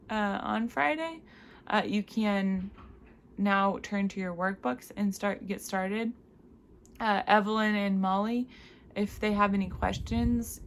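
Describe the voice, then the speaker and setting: A woman's voice: mid-range voice, gravelly, slight background noise. A woman teaching a Latin grammar lesson for a recorded class, explaining patiently with frequent fillers.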